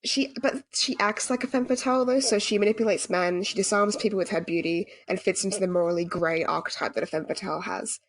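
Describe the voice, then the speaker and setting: A woman's voice: mid-range voice, fast talker, few pauses, no room sound. A woman co-hosting a podcast, chatting casually and freely with lots of "like" and the odd swear word. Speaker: podcast co-host.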